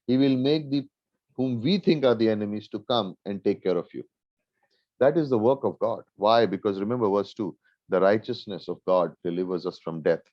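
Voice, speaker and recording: A man's voice: fairly low pitch, moderate pace, dry recording. A man from India, a pastor teaching a Bible class in an earnest way, asking rhetorical questions and repeating phrases for emphasis. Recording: dull lo-fi dry recording.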